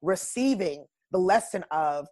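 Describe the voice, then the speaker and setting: A woman's voice: on the low side, expressive, a little slow, a little mellow. Emphatic, blunt woman coaching guest. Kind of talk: casual podcast conversation.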